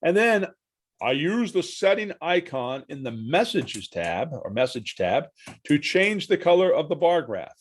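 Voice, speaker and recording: A man leading a live online software training, walking through each step aloud and quizzing the class with true-or-false questions. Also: on the high side, big pitch swings, unhurried. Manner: chatty, asks the class questions, walks through steps aloud.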